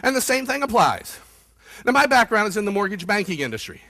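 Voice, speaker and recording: Upbeat keynote guy, high bright voice, fast and punchy, keeps asking the crowd stuff. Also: vocal fry. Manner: energetic, fast, quizzes the audience. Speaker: keynote speaker. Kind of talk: motivational keynote talk. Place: conference room with audience.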